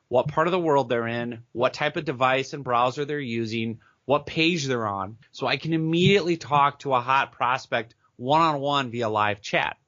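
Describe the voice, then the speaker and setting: Bright, upbeat American man talking sales. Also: mid-range voice, no echo, dull audio. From Minneapolis area, United States. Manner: enthusiastic, fast-talking salesman, acts out chat messages. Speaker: guest, business coach. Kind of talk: podcast interview.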